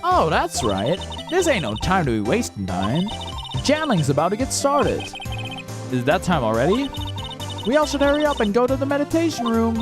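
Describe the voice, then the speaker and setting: A man voicing a spunky, brash southern woman photographer with a loud, twangy, folksy put-on Southern US accent. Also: high-pitched, very animated, moderate pace, over music, pitched above the performer's own voice. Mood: hurried.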